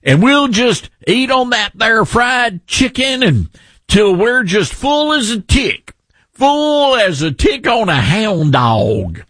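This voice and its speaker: A man's voice: very high voice, very animated, a bit bright, no echo, clean studio sound, voice pushed up, heavily acted. A man doing an exaggerated impression of an older Southern male politician, with a put-on Southern drawl and homespun sayings. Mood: folksy. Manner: slow, sing-song homespun sayings.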